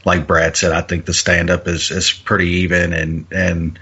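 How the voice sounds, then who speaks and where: Podcast co-host, bright husky tone, hesitant delivery, lo-fi recording. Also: male voice, low voice, flat delivery. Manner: halting, many fillers and restarts. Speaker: podcast co-host, fight picker. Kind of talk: casual podcast chat.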